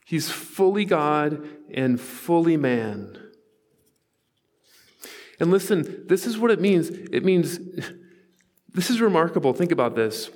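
A man's voice: on the high side, big pitch swings, slow, long pauses, a little mellow, long reverb tail. A man in his forties preaching a sermon, telling stories in an earnest, conversational way with asides to the congregation. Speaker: pastor. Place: church sanctuary.

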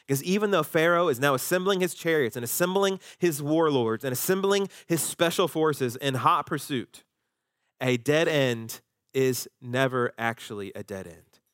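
A man preaching a sermon as pastor, animated, jumping up in pitch when he acts out quoted voices. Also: moderate pace, no echo, clean studio sound.

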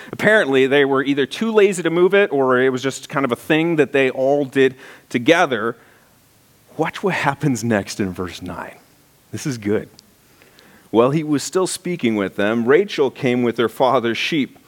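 A man's voice: medium pitch, lively intonation, normal speed. A male pastor preaching a sermon, telling the story with animation and reading scripture aloud.

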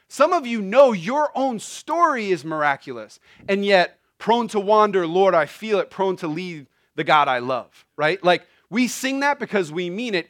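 A young man preaching a sermon, animated and casual, rising to near shouts on key points. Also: sits high, no echo, studio quality. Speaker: pastor.

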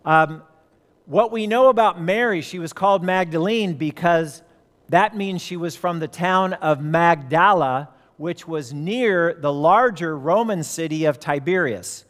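A man's voice: a little high, unhurried, fairly bright tone, big-room sound. A man preaching a sermon as pastor, telling stories and acting out the voices of the people in them. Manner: storytelling, acts out quoted voices.

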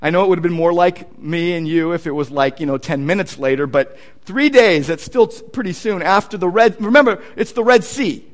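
A man's voice: high voice, brisk. A male pastor preaching a sermon in a conversational, emphatic way, with casual asides to the congregation.

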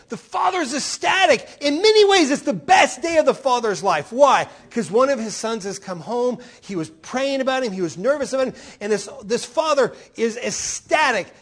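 A middle-aged man preaching a sermon as a pastor, animated and full of rhetorical questions. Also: very high-pitched. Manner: animated, rhetorical questions, voicing quoted speakers.

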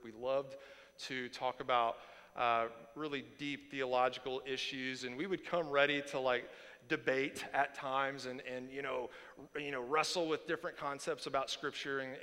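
A man's voice: mid-range voice, smooth, long reverb tail. A man preaching a sermon as pastor, talking casually with fillers and acting out the voices of others. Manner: animated, acts out quoted voices, casual fillers.

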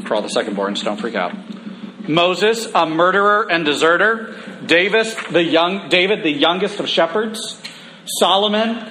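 A man preaching a conversational sermon, humorous at times and slowing down for emphasis. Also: high-pitched, pushed and bright, slight background noise.

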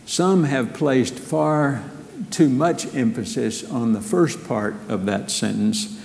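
A man preaches in earnest, measured phrases, leaning on rhetorical questions. His voice is mellow and unhurried. Long reverb from a church sanctuary trails every line. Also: medium pitch, vocal fry. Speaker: pastor. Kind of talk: sermon.

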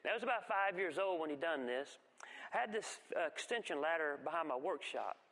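A man's voice: fairly high pitch, lively intonation, a bit bright. Folksy man telling his story in church. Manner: folksy, halting with restarts. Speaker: guest speaker giving testimony. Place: church sanctuary. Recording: long reverb of a church hall.

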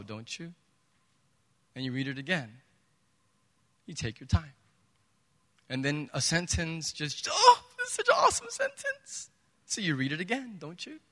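A man's voice: mid-range voice, bright, forceful tone. A man preaching a sermon as pastor, emphatic and conversational, asking his listeners rhetorical questions. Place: church sanctuary. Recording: reverberant church hall.

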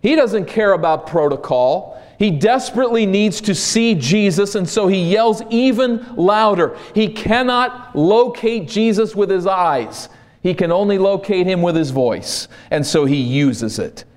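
Male pastor from Minnesota, unhurried sermon delivery with rising emphasis. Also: sits high, expressive. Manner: slow, deliberate preaching that rises to loud emphasis.

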